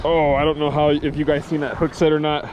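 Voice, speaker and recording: Excitable man hollering while fishing outdoors. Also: a little high, a little fast, dull audio, noisy background. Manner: excitable, hollers at the fish, swears casually. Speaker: fishing vlogger. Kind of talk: excited outdoor vlog commentary. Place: outdoors on a reservoir shore.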